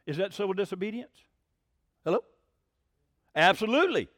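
A man preaching a sermon in a folksy, plain-spoken way, firing off rhetorical questions and getting worked up to near shouting. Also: sits high, very animated, moderate pace, no echo, studio quality.

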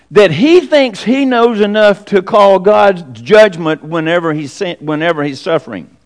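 A man preaching a sermon with animated delivery, rhetorical questions and emphatic repetition. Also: high voice.

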